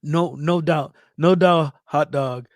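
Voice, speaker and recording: Man, high voice, dry close sound, hyped shout-outs, speech, casual livestream host. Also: fairly even intonation, slow pace, no echo. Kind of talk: casual livestream chat reading viewer comments.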